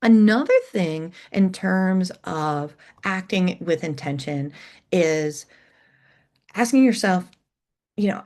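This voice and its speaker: A woman's voice: on the low side, animated, slow pace. A middle-aged woman presenting an educational webinar, coaching listeners and demonstrating how emphasis changes meaning. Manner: warm coaching tone, reads chat aloud, demonstrates emphasis.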